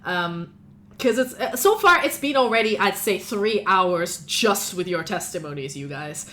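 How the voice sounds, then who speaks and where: A woman's voice: medium pitch, animated, a little slow, fairly bright tone, slight background noise. A woman narrating and running a tabletop role-playing game in a casual, rambling way, with many fillers. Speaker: game master.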